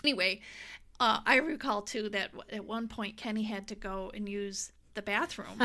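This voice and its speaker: A middle-aged woman, a guest in casual conversation, telling a story in an animated way, laughing often and acting out what people said. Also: mid-range voice, moderate pace.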